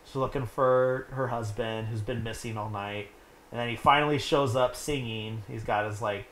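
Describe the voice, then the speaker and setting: A man's voice: fairly low pitch, fairly bright tone. A young man casually recapping a movie plot, rambling and filling his talk with "like". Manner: rambling, heavy use of "like". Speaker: podcast host. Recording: echoey room with faint noise.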